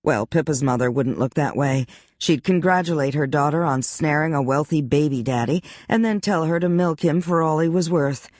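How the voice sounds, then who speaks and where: An audiobook narrator reading a romance novel in an even, measured way. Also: mid-range voice, no echo, studio quality.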